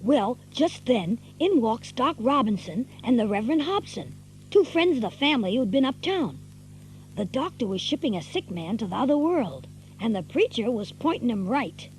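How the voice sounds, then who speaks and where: A woman's voice: a little high, sing-song, moderate pace, a little hiss or hum, poor audio. A woman voicing a scrappy teenage country boy with a rural Southern US dialect, narrating and acting in a radio play. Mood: wry. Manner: folksy, drawling storyteller.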